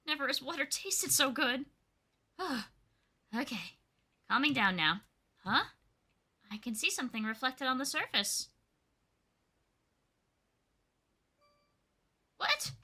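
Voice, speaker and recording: A woman voicing a confused young turtle creature with lost memory, reading game lines in a soft, hushed way. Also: on the high side, slightly rough, heavily acted. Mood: awed.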